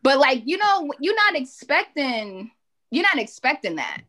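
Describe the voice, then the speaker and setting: A woman co-hosting a casual podcast, telling a funny story with plenty of laughs. Her voice runs a little high and swings widely in pitch. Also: sing-song, a little slow, pushed and bright. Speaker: podcast co-host.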